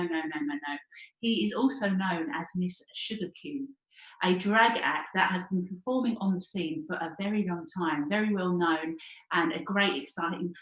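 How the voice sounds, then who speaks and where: A woman's voice: mid-range voice, echoey room, poor audio. A woman hosting a virtual event, introducing acts in a chatty, upbeat way with frequent ums. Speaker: event host.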